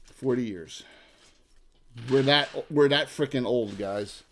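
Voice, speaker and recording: A man's voice: mid-range voice, slow, slight background noise. Chatty middle-aged man running a game. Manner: relaxed, chatty, explains rulings. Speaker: game master.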